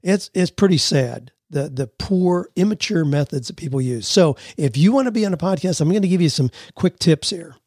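A man hosts a solo advice podcast in a folksy, earnest voice that sits a bit high for a man. He lays out practical tips one step after another. The sound is dry and close, with no room echo. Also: lively intonation, moderate pace, few pauses, darkish tone, husky. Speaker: podcast host. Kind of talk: solo advice podcast, answering listener questions.

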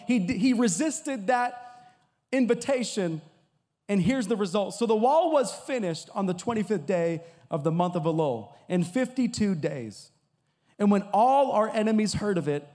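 A man's voice: high voice, darkish tone, big-room sound. A man preaching a sermon as guest preacher, energetically exhorting the congregation. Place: church sanctuary.

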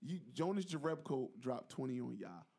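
A man's voice: mid-range voice, very animated, moderate pace, creaky, mellow. A man co-hosting a sports podcast, talking casually and telling what he took away from a game. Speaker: podcast co-host.

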